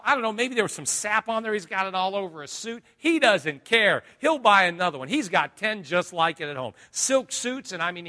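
A male pastor preaching a sermon, swinging from hushed lines to loud dramatic ones. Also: high-pitched.

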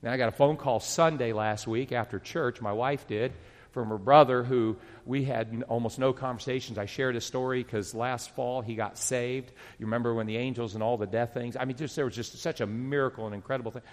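A middle-aged male pastor telling stories in a sermon, animated and excited, often restarting his sentences. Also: medium pitch, fairly quick. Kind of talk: storytelling sermon. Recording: long reverb of a large hall.

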